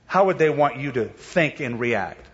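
A man's voice: mid-range voice, expressive, measured pace, long reverb tail, muffled recording. A male pastor preaching a sermon in a conversational, explanatory way. He poses rhetorical questions and walks his listeners through the story.

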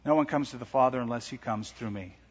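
Male preacher, mid-pitched, emphatic sermon delivery with quiet-to-loud swings; long hall reverb, dull sound. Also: fast, slightly rough. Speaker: pastor.

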